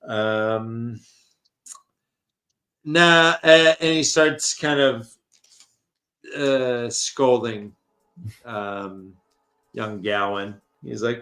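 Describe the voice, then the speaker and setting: A man co-hosting a casual podcast and retelling a story, acting out its characters in quick, profane, jokey asides. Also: medium pitch, pushed and bright. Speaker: podcast co-host recapping a book.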